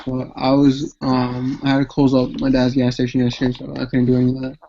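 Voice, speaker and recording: A man chatting rapidly with friends over a video call. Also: mid-range voice, completely flat delivery, warm tone. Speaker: former contestant. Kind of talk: casual group chat. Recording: muffled call with faint noise.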